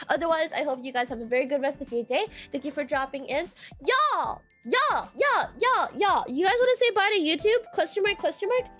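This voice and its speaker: Giggly high-voiced woman streamer. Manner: giggly, reads chat aloud, often repeats "question mark". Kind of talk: casual chat reading viewer comments.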